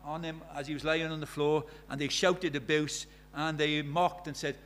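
Preacher, storytelling sermon. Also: male voice, on the high side, flat delivery, moderate pace, a bit bright. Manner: storytelling, building to emphatic appeals.

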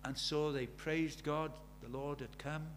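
A man's voice: on the high side, steady tone, unhurried, a little hiss or hum. A man preaching a sermon, telling stories in a conversational way and building to urgent emphasis.

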